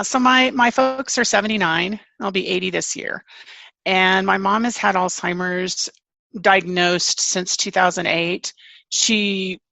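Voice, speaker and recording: A woman author and family caregiver answering interview questions candidly, with halting restarts. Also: fairly low pitch, vocal fry, bright, forceful tone, no room sound.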